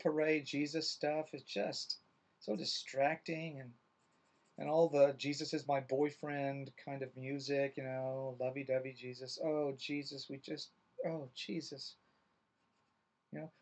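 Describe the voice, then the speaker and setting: A middle-aged minister with a slightly high voice and vocal fry sits by himself in a church, thinking out loud about his upcoming sermon. It's a loose, wry, wandering vlog-style reflection.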